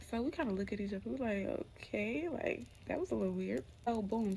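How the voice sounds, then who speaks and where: A woman's voice: mid-range voice, a little fast, gravelly, few pauses, a little hiss or hum. A young woman from Alabama, casually telling a true spooky story straight to her viewers. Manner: chatty, addresses viewers as y'all, drops to a hushed tone for spooky parts. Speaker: storyteller, channel host.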